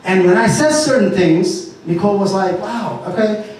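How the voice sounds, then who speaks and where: A man with a rather high voice tells an animated story, acting out the lines of the people in it. He speaks at an entrepreneur meet-up, picked up from a distance in a very reverberant room. Faint ambient noise sits behind him. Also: normal speed. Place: event venue.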